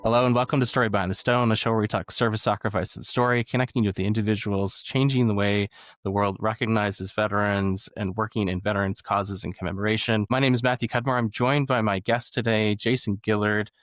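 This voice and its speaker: A man's voice: fairly low pitch, little pitch movement, a little fast, a bit bright, dry recording, studio quality. A man hosting a podcast, reading a polished, upbeat introduction and asking his guest questions. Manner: upbeat, polished presenter delivery. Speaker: podcast host. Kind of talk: scripted intro and interview questions.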